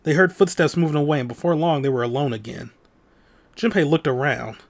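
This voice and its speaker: A man's voice: a little high, brisk, creaky. A man hosting a let's play, reading a visual novel's text aloud in a dramatic voice and dropping in casual comments. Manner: dramatic read-aloud broken by offhand comments.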